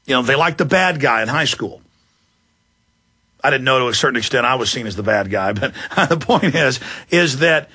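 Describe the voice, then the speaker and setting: A male talk radio host rants with fierce urgency and breaks into shouts. His voice is bright, a bit husky and pitched on the high side. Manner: fiery, ranting, shouting at times.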